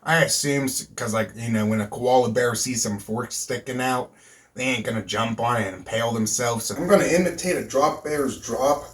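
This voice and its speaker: A man's voice: medium pitch, normal speed. A man hosting his own video, rambling casually and joking, with frequent swearing, recorded outdoors at night. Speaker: YouTube host. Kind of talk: casual vlog chat.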